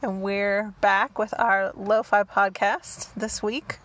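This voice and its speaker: A woman co-hosting a casual podcast, chatty, with quick asides and restarts. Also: medium pitch, level tone, a bit bright. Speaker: podcast co-host. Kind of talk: casual chat. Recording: lo-fi podcast with faint hiss.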